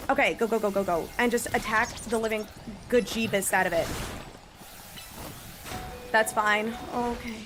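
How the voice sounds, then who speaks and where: A woman streaming a game live, chatting casually and breaking into frantic shrieks and shouts when she gets scared. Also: on the high side, moderate pace, pauses often, background noise.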